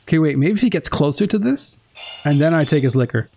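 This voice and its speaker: A gaming streamer reacting excitably and with profanity while playing through a game. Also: mid-range voice, fast, slight background noise. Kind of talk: let's play commentary.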